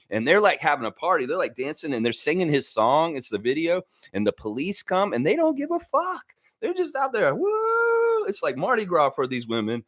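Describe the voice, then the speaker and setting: A man hosting a live fan stream, talking in an animated, joking way and addressing players directly. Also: mid-range voice, no echo, studio quality. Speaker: fan show host.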